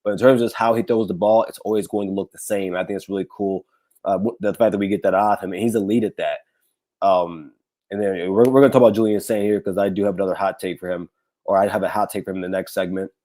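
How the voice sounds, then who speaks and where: A man with a raspy, hoarse voice hosts a casual sports talk livestream, rambling with many fillers and restarts. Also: deep voice, fairly even intonation, fast, dark tone. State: hoarse, recovering from illness. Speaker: podcast host.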